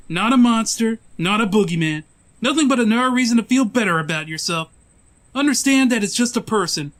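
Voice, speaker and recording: A man's voice: high voice, a little hiss or hum. A man playing Nny, a manic sneering killer. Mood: contemptuous. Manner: sneering, lecturing, bursts into cackling. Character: manic young male killer, brooding and preachy. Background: loud music.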